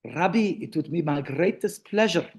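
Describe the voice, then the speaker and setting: A man voicing an earnest Afrikaner pastor in a thick Afrikaans accent, raised higher than his own voice and held back from the mic. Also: expressive, normal speed. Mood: polite.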